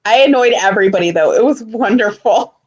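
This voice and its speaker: A young woman co-hosting a podcast, telling stories in an animated way with loud outbursts and lots of swearing. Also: on the high side, a little fast, dull audio. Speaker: podcast co-host. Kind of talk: casual chat.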